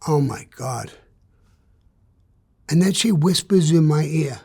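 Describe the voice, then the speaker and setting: Husky new guy spinning a dirty joke story, cursing, goes quiet then loud, voice sits a bit high. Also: takes it slowly, long pauses. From New York. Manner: animated, profane storyteller, swinging from hushed to loud. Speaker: interview guest. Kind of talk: telling a joke story in an interview.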